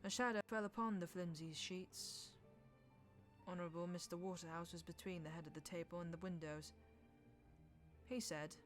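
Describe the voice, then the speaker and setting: A woman reading a classic novel aloud in measured, lightly dramatic narration over faint background music. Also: fairly low pitch, fairly even intonation.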